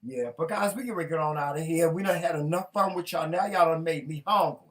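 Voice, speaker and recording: A man from North Carolina co-hosting a casual chat show, talking in a playful, teasing, animated way. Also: on the high side, brisk, far from the mic. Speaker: co-host.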